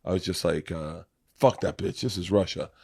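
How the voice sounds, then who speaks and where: A man telling a rambling, profane and emotional story in casual podcast chat, his voice dropping soft when he is moved. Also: low-pitched, normal speed, gravelly, husky, no room sound, clean studio sound.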